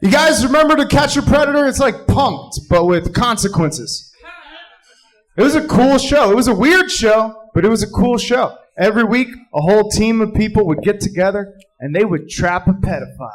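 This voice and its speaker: High-voiced man doing stand-up. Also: animated, moderate pace, rough recording. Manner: rambling, jumps into shouted character voices. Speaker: stand-up comedian. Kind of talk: stand-up comedy set. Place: live comedy club.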